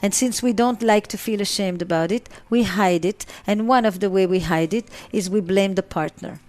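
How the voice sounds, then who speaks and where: A woman's voice: mid-range voice, moderate pace, a little mellow. Emphatic woman therapist, over faint music. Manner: emphatic, repeats and lists words for stress. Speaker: relationship therapist. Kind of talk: interview answers.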